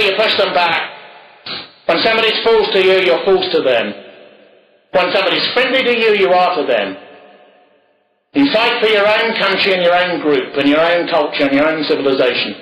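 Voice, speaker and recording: Man, forceful bright tone, rambling anecdotal monologue with chuckles. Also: high voice, echoey room, low-quality recording. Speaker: speaker. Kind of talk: ideological monologue.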